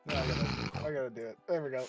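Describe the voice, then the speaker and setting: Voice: mid-range voice, fast talker, vocal fry, soft background music. Hesitant, laughing tabletop game player. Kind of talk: casual game chat.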